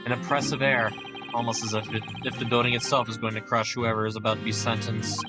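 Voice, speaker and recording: A man's voice: mid-range voice, flat delivery, quick pace, over loud music, natural voice. A man voicing a tense young defense lawyer in a courtroom game, in a near-natural voice.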